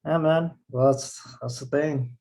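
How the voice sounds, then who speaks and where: A man's voice: a little high, fairly even intonation, unhurried, a little mellow. A man from the US West Coast talking casually on a podcast, laid-back and slangy with some swearing.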